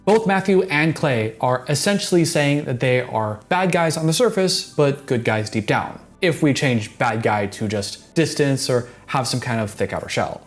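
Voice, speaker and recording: A man giving casual, earnest commentary on a reality show clip, analytical and quick to restart his sentences. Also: medium pitch, expressive, soft background music. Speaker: reaction commentator.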